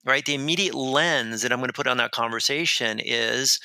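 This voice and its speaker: A man tells a story as a podcast guest, rambling and restarting as he goes. His voice is gravelly and very bright, with a sharp edge. The sound is dry and close. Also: mid-range voice, moderate pace, no echo, low-quality recording. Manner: animated, rambling, with many restarts. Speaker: author and guest. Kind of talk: conversational storytelling.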